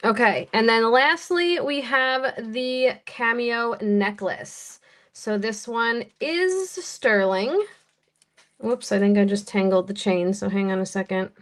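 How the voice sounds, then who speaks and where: In a live-stream jewelry auction, an American woman chats her way through the bidding at an easy pace, describing each piece as it comes up. She speaks a little high.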